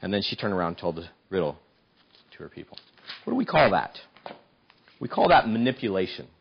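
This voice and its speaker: Animated preacher with a lively voice. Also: male voice, sits low, a little fast, vocal fry, dull audio, slight background noise. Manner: animated storytelling with frequent restarts. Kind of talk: sermon.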